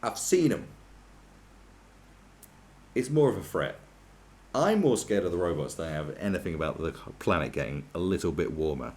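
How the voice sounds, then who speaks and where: Man, video commentary host; sarcastic, profane rant with a very lively pitch, loud bursts and mutters. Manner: sweary, sarcastic, swings from loud outbursts to muttering.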